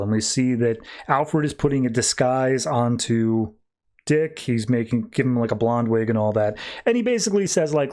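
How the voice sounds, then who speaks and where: A man's voice: medium pitch, lively intonation, normal speed, darkish tone. A man hosting a podcast, recapping comics in a chatty, loose way full of fillers. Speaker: podcast host.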